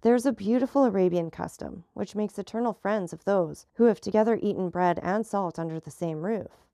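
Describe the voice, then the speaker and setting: A woman reading a sorrowful countess for an audiobook, her lines plaintive and pleading. The voice has a gravelly edge. The sound is dry and close. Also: mid-range voice, fairly quick, mellow, no room sound, natural voice.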